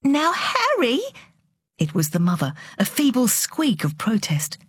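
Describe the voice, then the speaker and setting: Husky woman reading a novel aloud. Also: lowish voice, normal speed, no room sound, studio quality. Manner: expressive, dramatic. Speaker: book reader on radio. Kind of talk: dramatic audiobook narration.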